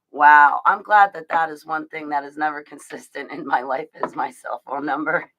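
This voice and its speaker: Gravelly, forceful woman chatting on a livestream. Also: deep voice, rough recording. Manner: rambling, confiding, emotional, with frequent laughs and restarts. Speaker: livestream host talking to her chat. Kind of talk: casual livestream chat.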